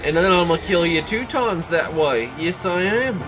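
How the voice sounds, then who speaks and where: A man's voice: high voice, animated, normal speed, music in the background. A man putting on a mock British accent to play an over-the-top cockney thug making jokey threats. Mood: mock menacing. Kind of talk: streamer voicing a parody.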